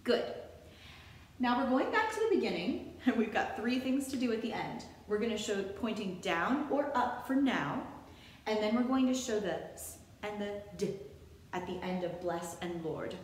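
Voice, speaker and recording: A woman's voice: medium pitch, animated, normal speed. A woman teaching a song in call and response, singing lines for the class and then coaching how to pronounce the words. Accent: non-rhotic, drops the R. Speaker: music teacher. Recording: very echoey room with long reverb.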